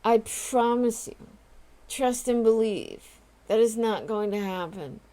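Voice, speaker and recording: Earnest, emphatic woman with a mellow voice. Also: a little high, expressive, takes it slowly. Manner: emphatic, earnest, talks straight to viewers. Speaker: vlogger and home confinement advocate. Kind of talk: casual direct-to-camera vlog.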